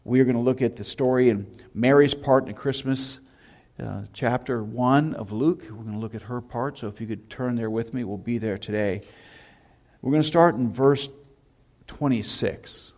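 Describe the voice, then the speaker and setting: A man, a pastor, preaching in a church and telling lively anecdotes in a casual sermon style. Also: medium pitch, normal speed. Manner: storytelling, animated anecdotes with shouted imitations. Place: church sanctuary.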